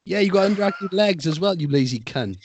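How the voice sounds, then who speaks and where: A man's voice: sits high, fast talker, slight background noise. A young man co-hosting a podcast, chatting crudely and acting out other people's voices. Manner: animated, swearing, acts out quoted voices. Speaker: podcast co-host. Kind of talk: crude casual chat.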